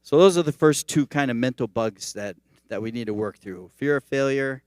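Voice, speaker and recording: A man's voice: medium pitch, normal speed, clean tone, dry recording, studio quality. A male teaching pastor giving a sermon in a conversational, storytelling manner. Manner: conversational, animated storytelling preaching.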